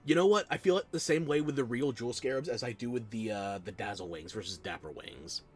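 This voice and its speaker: A man's voice: mid-range voice, fairly quick. A man chatting casually with viewers while streaming a game, playful and self-deprecating, talking into a close desk microphone. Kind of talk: casual live-stream chat while playing.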